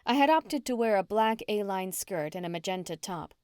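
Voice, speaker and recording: A woman narrating a cozy mystery audiobook in the first person, in a steady storytelling manner. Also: medium pitch, normal speed, clean tone, no room sound, clean studio sound.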